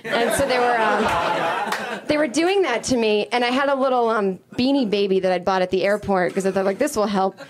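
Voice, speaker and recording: A woman comedian from Boston, telling stories in an interview with lively comic timing and acted-out quotes. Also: normal speed, a loud crowd, very noisy. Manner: animated, comic, acts out quotes in high voices. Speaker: comedian guest. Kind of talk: storytelling interview.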